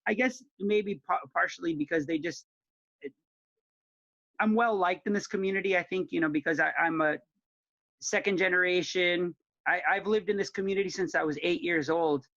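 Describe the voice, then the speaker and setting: A man's voice: sits high, moderate pace, a bit bright, no room sound, highs cut off. A man in a casual chat who talks in a friendly way and laughs easily, heard over a call. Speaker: community member, guest.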